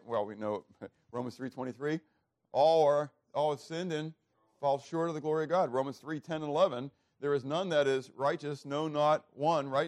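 A male pastor delivering a sermon in a slightly higher voice. He reads scripture aloud and keeps asking "what?" so the listeners fill in the answer. His loudness rises and drops off sharply. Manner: call-and-response questions, emphatic swings in loudness.

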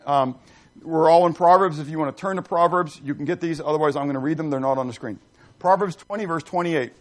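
A man's voice: on the high side, quick pace. A middle-aged man preaching a sermon, reading scripture and putting questions to the congregation with emphasis. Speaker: pastor.

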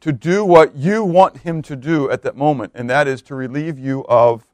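A man preaching a sermon, swinging from loud emphatic bursts to hushed quiet lines. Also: medium pitch, moderate pace, no echo.

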